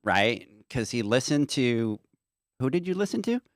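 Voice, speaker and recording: A man's voice: medium pitch, sing-song, unhurried, dry recording. A man hosting a podcast in a studio, teasing his guests and laughing often. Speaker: podcast host. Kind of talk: casual chat.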